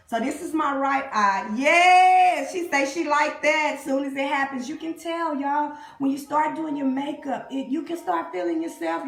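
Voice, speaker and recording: A woman's voice: high-pitched, a bit bright. Woman, live makeup tutorial, chatty, says y'all and honey, roomy sound. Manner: chatty, greets live viewers, calls them y'all and honey. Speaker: beauty vlogger. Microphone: phone camera up close.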